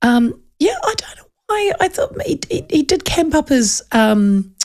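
A woman's voice: sits high, big pitch swings, unhurried, darkish tone. A woman, co-hosting a radio show in casual chat, reading out listener texts and reminiscing with a laugh.

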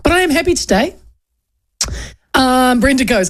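A woman's voice: high voice, big pitch swings, unhurried. A woman radio host with a New Zealand accent, chatting and telling a funny story, acting out the people in it. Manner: chatty storyteller, acts out quoted voices. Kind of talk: casual chat and anecdote.

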